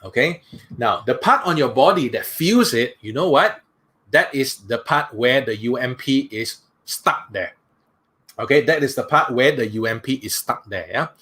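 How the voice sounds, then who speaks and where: A man, a workshop speaker leading a guided breathing exercise in a slow, soothing way, often saying "that's right". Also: mid-range voice, animated, bright, forceful tone.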